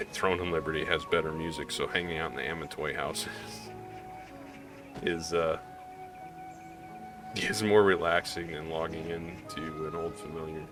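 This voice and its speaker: Man, slight Southern drawl, very low voice, rambling candid gaming vlog, faint music behind. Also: fairly even intonation, a little slow, long pauses. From Missouri, US Midwest. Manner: rambling, candid, with many restarts and fillers. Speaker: gaming YouTuber. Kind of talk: casual gaming vlog commentary.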